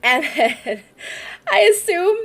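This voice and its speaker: A woman running a tabletop role-playing game, narrating scenes in a giggly, halting way with many fillers. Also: extremely high pitch, big pitch swings. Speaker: game master.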